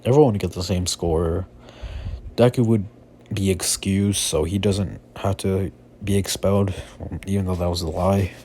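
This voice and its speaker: A man's voice: deep voice, steady tone, normal speed, warm tone, slight background noise. A young man improvising a fan-fiction story in a rambling, casual way, full of fillers.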